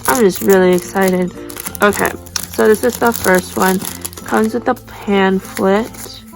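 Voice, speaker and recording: A young woman chatting casually as she unboxes squishy toys, gushing and gasping with excitement. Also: mid-range voice, slow, creaky, faint music behind. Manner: excitable, gushing, breathless gasps.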